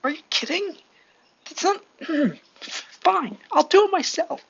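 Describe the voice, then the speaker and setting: A woman voicing a bold, quick-tempered young male hero who talks in a mocking, defiant way. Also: mid-range voice, very animated, vocal fry, a bit bright, slightly rough, voice pushed up, heavily acted. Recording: lo-fi, faint hiss.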